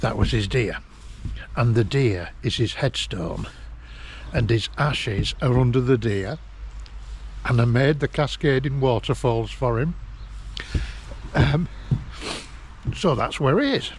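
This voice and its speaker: A man, telling a personal memory in a halting, emotional way and laughing through it, recorded outdoors in a garden. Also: mid-range voice, slight background noise. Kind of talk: casual storytelling.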